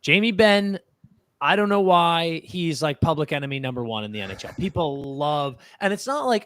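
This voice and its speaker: A man holds forth on a live sports podcast, animated and argumentative, cursing casually as he defends his point. His voice sits on the high side for a man. The sound is close and dry, with no room around it. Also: moderate pace, clear, resonant tone, no echo. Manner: animated, swears freely, argues his point. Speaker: podcast co-host. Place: podcast studio.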